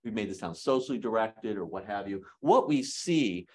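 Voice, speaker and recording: A man giving an academic lecture in a hall, lively and joking with his audience. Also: fairly low pitch, normal speed.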